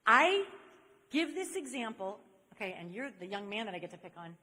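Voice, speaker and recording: Animated woman storyteller in an echoey hall. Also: on the high side, fairly quick. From Saint Louis, USA. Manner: animated storyteller who speaks straight to the audience. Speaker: speaker on chastity. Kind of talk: inspirational talk to a live audience. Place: large convention hall.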